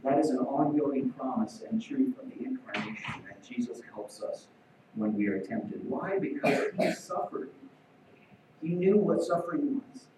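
A man's voice: medium pitch, animated, a little slow, noisy background. A man preaching a sermon as pastor, earnest and emphatic. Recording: very echoey hall, far from mic.

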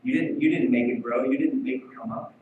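A man voicing God as a calm, gently questioning deity in a sermon retelling. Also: fairly quick, phone-quality sound, a little hiss or hum, close to an everyday voice. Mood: gentle questioning. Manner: low, hushed, probing questions. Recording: very echoey hall, far from mic.

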